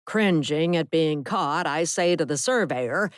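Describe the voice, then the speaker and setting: A woman narrating an audiobook in a measured, deliberate scripted read. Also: low voice, lively intonation, no room sound, clean studio sound.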